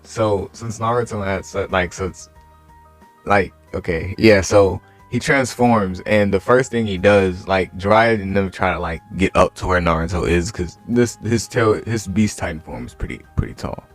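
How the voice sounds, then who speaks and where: A man's voice: sits low, normal speed. A young man casually retelling an anime what-if story, rambling with lots of fillers. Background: faint music.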